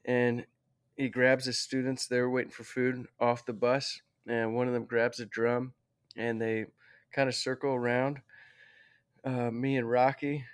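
A man's voice: medium pitch, level tone, a little slow, clean tone. A man who is a guest on an interview show, telling a story in a rambling, heartfelt way and often correcting himself.

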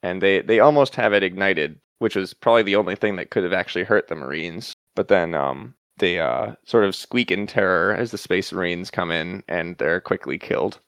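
A man running a tabletop role-play as game master, narrating in a relaxed, halting way full of fillers. His voice is deep and smooth, with a resonant tone. It is recorded dry, with no room sound. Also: no echo. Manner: relaxed, hesitant with many fillers.

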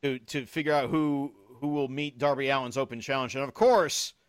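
A man's voice: medium pitch, fairly even intonation, moderate pace, clear, resonant tone, no echo. Chatty man on a dry podcast mic. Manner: chatty recapper, laughs easily, many fillers. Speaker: podcast co-host recapping a show. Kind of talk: casual wrestling podcast chat.

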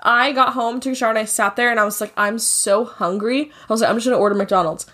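A woman's voice: on the high side, very fast, sharp tone. A young woman in casual chat, laughing and swearing as she retells a wild night.

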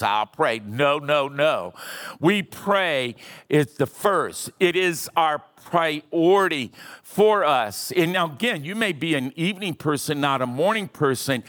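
Slow-preaching man in his sixties. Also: on the high side, fairly bright tone. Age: 60s. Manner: impassioned preaching with audience callouts. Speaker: pastor. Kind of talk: sermon. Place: church auditorium.

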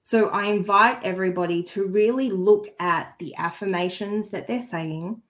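A woman who works as a spiritual healer, chatting earnestly and with feeling on a podcast, often restarting her sentences. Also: mid-range voice. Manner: earnest and heartfelt, easily moved; chatty, with frequent restarts and asides. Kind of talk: casual conversational chat.

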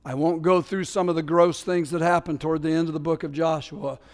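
A little fast, a pastor's fairly high voice rings through a sermon with the long reverb of a large sanctuary. He's animated and conversational, dramatizing the scripture's voices and wandering into casual asides.

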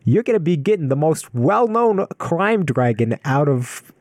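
Man voicing a shady mob son, put-on gangster drawl, slow and sly. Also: a little high, very animated, a little mellow. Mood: scheming. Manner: slow, conspiratorial mobster accent.

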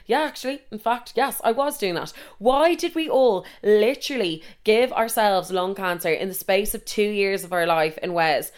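A young Irish woman telling stories casually, animated and swearing freely, acting out the people she quotes. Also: mid-range voice, normal speed, few pauses. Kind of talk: casual storytelling monologue.

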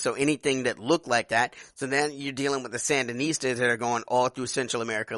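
An animated man holding forth in a casual political chat, emphatic and loose with profanity. His voice comes through bright and forceful. It sounds dry and close, with no room around it. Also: mid-range voice, no room sound. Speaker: podcast co-host.

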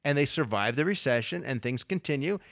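A middle-aged man, a financial advisor, explaining investing on a radio talk show in a lively way with everyday analogies. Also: medium pitch, fairly quick, no room sound, studio quality.

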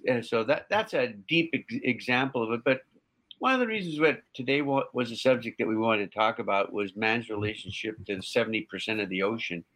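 A man co-hosting an online show, explaining a topic in casual chat, halting, with many restarts and fillers. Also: medium pitch, a bit bright, rough recording.

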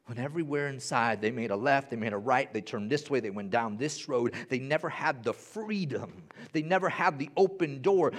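A young man preaching a sermon in a church, animated, swinging from hushed to loud and repeating phrases for emphasis. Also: medium pitch, moderate pace, hardly any pauses. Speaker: pastor.

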